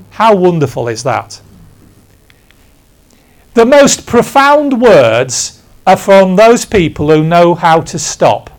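Speaking slowly, with a high voice and huge swings in pitch, a man in his sixties from England preaches in church. His sermon is conversational and story-driven, with emphatic, self-mocking asides.

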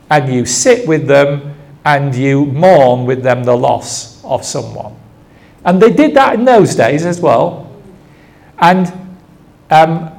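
Older male preacher, high and animated, storytelling sermon with rhetorical questions.

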